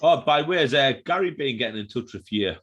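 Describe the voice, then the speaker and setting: A man's voice: mid-range voice, lively intonation, quick pace, a bit bright, lo-fi sound. A man co-hosting a casual chat outdoors at a barbecue, cracking jokes and swearing freely. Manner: joking, sweary, teasing. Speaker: co-host. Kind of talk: casual banter.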